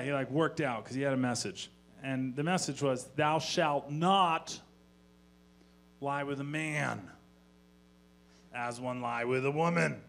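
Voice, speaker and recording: Deadpan man telling stand-up stories. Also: mid-range voice, slight background noise. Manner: deadpan storytelling, profane asides. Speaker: stand-up comedian. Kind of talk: stand-up comedy set. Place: live comedy venue on stage.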